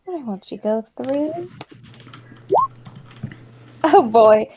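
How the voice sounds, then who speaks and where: Brief: female tabletop player, high and slow, muffled line. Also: animated, warm tone, slight background noise. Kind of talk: casual tabletop play. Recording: dull lo-fi mic.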